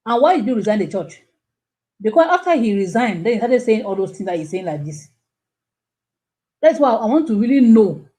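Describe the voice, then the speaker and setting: Woman host, live-stream commentary, animated, rhetorical, mellow but high-pitched voice. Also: rough recording. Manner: animated, rhetorical questions, exclaims. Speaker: channel host.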